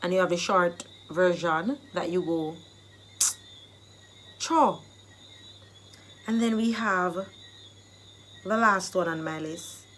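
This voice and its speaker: A woman's voice: lowish voice, unhurried, fairly bright tone, a little hiss or hum. A Jamaican woman who hosts a casual video lesson, explaining everyday phrases plainly and then acting them out with big swings in her voice. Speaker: vlogger teaching phrases. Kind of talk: casual teaching vlog.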